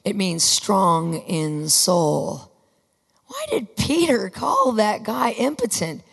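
A woman preaching a sermon with fervor, often rising to emphatic shouts. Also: medium pitch, big pitch swings, slow, creaky, husky. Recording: long reverb of a large hall.

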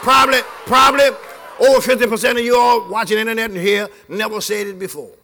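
High-voiced, gravelly shouting preacher man. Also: fairly even intonation, quick pace, slight background noise. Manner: exuberant, shouting, laughing between lines, leads crowd chants. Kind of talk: lively sermon with call-and-response. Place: live church service before a congregation, also streamed.

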